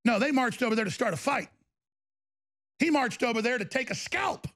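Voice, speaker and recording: A man's voice: very high-pitched, animated, moderate pace, a bit bright. A man hosting a show, ranting in angry, sarcastic political commentary. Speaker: show host.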